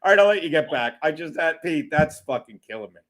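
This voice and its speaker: A man with a slightly high, animated, bit-bright voice talks fairly quickly. He's a livestream host on his own, rambling casually, using profanity, and giggling throughout.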